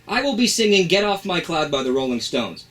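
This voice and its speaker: A man's voice: high-pitched, big pitch swings, a little fast, fairly bright tone. A man co-hosting a radio show in a studio, bantering playfully and theatrically. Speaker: radio co-host.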